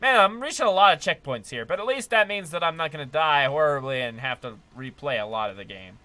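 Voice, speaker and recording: Brief: upbeat guy streamer, bright and a touch high, chatting through gameplay. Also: expressive, brisk. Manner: chatty, upbeat, laughs often, talks to chat. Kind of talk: live gameplay commentary.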